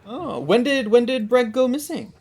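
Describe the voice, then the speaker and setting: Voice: medium pitch, lively intonation, normal speed, a little mellow, slightly rough. A player in a tabletop game, speaking hesitantly in and out of character with frequent restarts.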